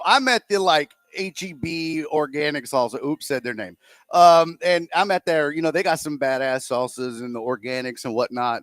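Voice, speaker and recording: A man co-hosting a sports talk radio show, telling a rambling, animated anecdote with acted-out quotes into a close studio microphone. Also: fairly high pitch, no echo.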